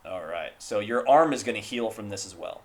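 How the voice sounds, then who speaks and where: A man's voice: fairly low pitch, expressive, a little fast. A man running a tabletop game as game master, talking casually and rattling through rules text.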